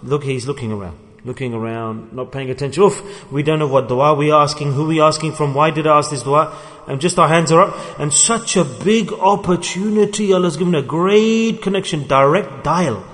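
A man giving a sermon, telling a story in a conversational, animated way. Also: fairly high pitch, normal speed. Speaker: preacher. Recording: long hall reverb.

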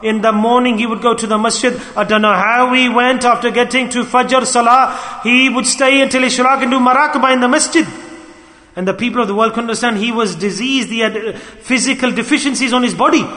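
A man delivering an impassioned sermon in a high, bright voice. He swings from loud calls to the listeners down to hushed asides. The sound rings out with the long reverb of an echoey hall. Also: fairly even intonation, brisk. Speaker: preacher.

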